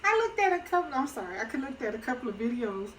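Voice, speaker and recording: A middle-aged woman with a slightly high voice chats her way through a cooking demonstration at her own stove. Her talk is folksy and easygoing, and she laughs easily. A faint hum of kitchen noise sits behind her. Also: big pitch swings, fast talker, poor audio. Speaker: home cook and channel host.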